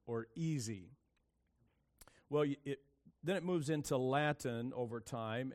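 Man preaching a relaxed sermon. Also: mid-range voice. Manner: casual, thinking aloud with fillers. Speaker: pastor.

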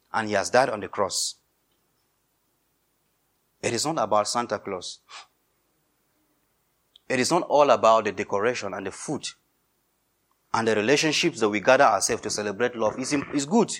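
A man delivers a sermon as a pastor, his voice sitting a little low. He preaches emphatically, repeating phrases and swinging from loud insistence to hushed intensity. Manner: emphatic, repetitive preaching with rising and falling intensity.

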